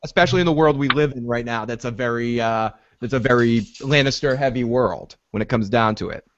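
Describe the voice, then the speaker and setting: A man co-hosting a podcast, recapping a TV episode in animated, casual chat, swearing freely. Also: mid-range voice, fairly quick, lo-fi sound, a little hiss or hum. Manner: animated, retells scenes with frequent swearing. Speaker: podcast co-host.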